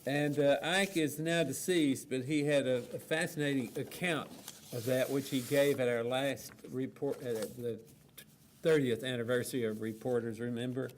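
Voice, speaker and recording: A man moderating a panel, reading an account aloud in a steady, plainspoken way with frequent fillers. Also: medium pitch, moderate pace, a little hiss or hum.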